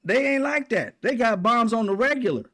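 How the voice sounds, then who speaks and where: A man's voice: extremely high pitch, expressive, moderate pace, a bit bright. A man delivering a heated, profane political rant, mocking and blunt. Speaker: political commentator. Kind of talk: ranting monologue.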